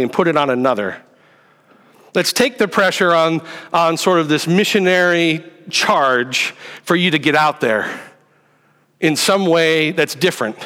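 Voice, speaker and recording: A male pastor delivers a sermon in a relaxed teaching tone, often checking in with the room through quick questions. His voice sits high for a man. The sound carries a long reverb from a church hall. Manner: conversational teaching with rhetorical questions.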